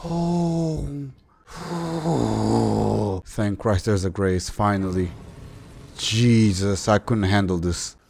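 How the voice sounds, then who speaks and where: Male gamer, lowish voice, exasperated play-by-play full of swearing and outbursts, faint background hum. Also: takes it slowly, vocal fry. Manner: exasperated, swearing and loudly exclaiming. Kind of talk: gameplay commentary.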